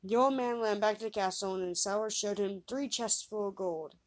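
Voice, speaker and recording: Woman, storyteller, reading a fairy tale aloud, livelier on the characters' lines. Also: brisk. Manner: lively reader raising pitch and volume for quoted voices.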